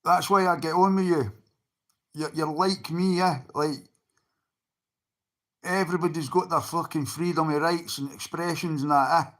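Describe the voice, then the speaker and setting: A man's voice: fairly high pitch, steady tone, normal speed, long pauses, a bit bright. Sweary Scottish man talking to chat. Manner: sweary, blunt, talks straight to chat. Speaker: livestreamer. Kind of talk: casual livestream chat.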